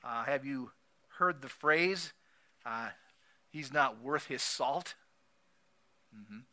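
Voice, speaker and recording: Emphatic bright-voiced male preacher. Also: medium pitch, takes it slowly. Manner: emphatic, repeats key phrases, swings between loud and soft. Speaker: pastor. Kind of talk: sermon.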